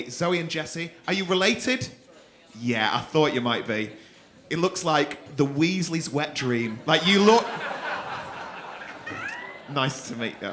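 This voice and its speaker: A man's voice: high voice, a bit bright. A man doing crowd work as a stand-up comedian in a club, teasing audience members with a cheeky, swearing manner. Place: comedy club stage before a laughing crowd. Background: audience laughter.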